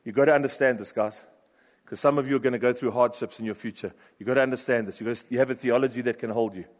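A man preaching a sermon with passion, shifting from loud urgent bursts to hushed, low phrases. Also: fairly even intonation, racing. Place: church hall. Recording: long reverb of a large hall.

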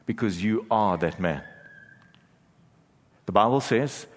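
Pastor guy preaching, kinda low voice, earnest, echoey church hall. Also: expressive, slow, pauses often. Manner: earnest preaching, rising intensity, then hushed prayer. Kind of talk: sermon.

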